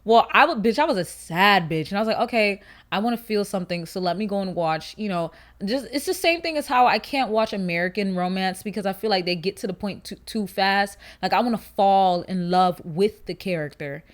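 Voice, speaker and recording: A woman's voice: medium pitch, fairly quick, hardly any pauses. A young woman in her early twenties talks casually to camera for her channel. She is chatty and full of slang, often drifting into asides before finding her way back. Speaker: YouTuber.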